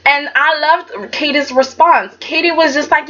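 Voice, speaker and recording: High-voiced woman chatting, lo-fi. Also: measured pace. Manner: animated, chatty, acts out quotes in dramatic voices. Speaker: soap opera reviewer. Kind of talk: casual chat. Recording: dull lo-fi sound with faint background noise.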